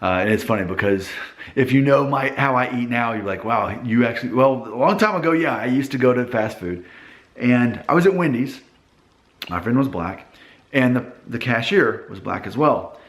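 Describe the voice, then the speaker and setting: A man's voice: medium pitch, animated, normal speed, roomy sound. A young man from northern Alabama, hosting a casual vlog and musing aloud as he talks. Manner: conversational, musing, thinking aloud with restarts. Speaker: channel host.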